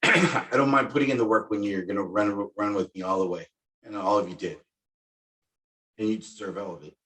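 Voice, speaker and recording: A man with a lowish voice leads a heartfelt prayer over a video call. He is loud and emotional, stumbling and restarting his words. He sounds somewhat distant from the microphone. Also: a little fast. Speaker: professor.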